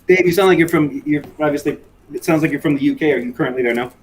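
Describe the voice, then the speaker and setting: A man's voice: fairly high pitch, very fast, slight background noise. A man talking in a casual chat as a guest, hesitant, with frequent restarts. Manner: hesitant, many restarts and ums.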